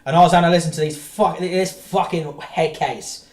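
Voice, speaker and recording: A man hosting a reaction stream, swearing and exasperated, breaking into shouting outbursts. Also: a little high, fairly quick, reverberant. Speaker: stream host reacting to videos. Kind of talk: drunk reaction stream commentary.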